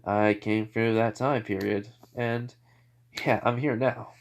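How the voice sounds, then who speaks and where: A man's voice: fairly low pitch, fairly even intonation, slow pace. A playful, cocky teenage ninja boy who loves to tease, voiced by a man telling the story. He talks offhand and brash, like a storybook told aloud at home.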